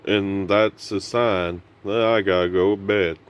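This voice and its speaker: A man putting on the slow, drawling voice of an older male narrator as an impression, speaking louder than he usually does. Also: low voice, steady tone, clean tone.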